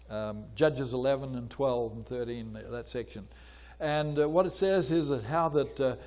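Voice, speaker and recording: In a relaxed archaeology talk, an older man speaks conversationally, pausing often and using fillers, and occasionally performs voices as he recounts a story. His voice runs somewhat high and slightly mellow.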